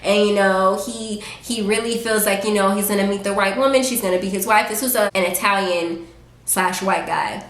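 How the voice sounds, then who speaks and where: A woman vlogger telling a story in a casual, animated, sassy way. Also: medium pitch, normal speed. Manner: animated, sassy storytelling with lively acted quotes. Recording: roomy echo.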